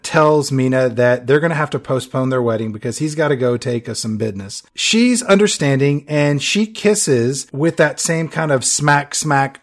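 Male podcast co-host, mid-pitched, chatty plot recapper with jokey asides. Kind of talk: casual movie recap chat.

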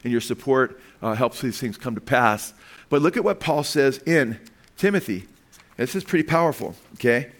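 A man preaching a sermon to his congregation, pausing to ask questions and walk them through slides word by word, with frequent "okay" and "right". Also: medium pitch, animated. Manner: emphatic, asks the congregation questions. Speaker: pastor.

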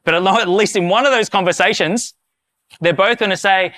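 Male pastor, slightly higher voice, smooth and resonant; casual sermon that moves into a slow, solemn led prayer. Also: sharp tone, no room sound. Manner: casual, self-deprecating preaching; slow, solemn liturgical reading.

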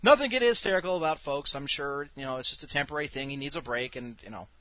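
A man from Ireland co-hosting a live show, rambling and quick to take mock offense. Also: on the high side, sharp tone, no room sound, rough recording. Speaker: podcast co-host. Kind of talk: casual live-show banter.

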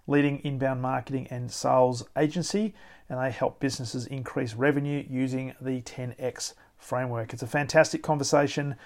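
Australian male podcast host, affable interviewer, even mid-range voice. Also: mid-range voice, creaky.

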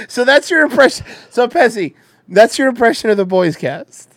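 A man's voice: extremely high pitch, no echo, clean studio sound. A man hosting a podcast in loose, laughing, profane banter. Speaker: podcast host. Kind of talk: casual chat.

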